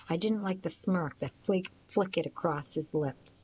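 A woman narrating a first-person novel as an audiobook, in a steady storytelling manner. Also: fairly low pitch, measured pace, a little hiss or hum, low-quality recording.

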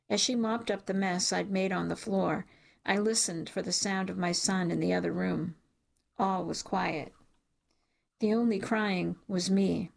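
A woman's voice: medium pitch, vocal fry. A woman reading a first-person story aloud in an intimate, emotional narrating style. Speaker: audiobook narrator.

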